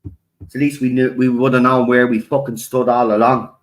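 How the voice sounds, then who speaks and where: Speaking at an ordinary pace with a level, medium-pitched tone, this Irish man launches into a furious, profanity-laden monologue for his channel. "Right?" punctuates his sentences again and again, and the audio is rough.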